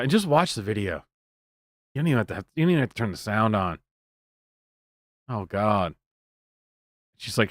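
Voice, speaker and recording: A man's voice: on the low side, a bit bright, no room sound, clean studio sound. A man hosting a stream, giving casual, joking and sarcastic reaction commentary with many restarts. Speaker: streamer host.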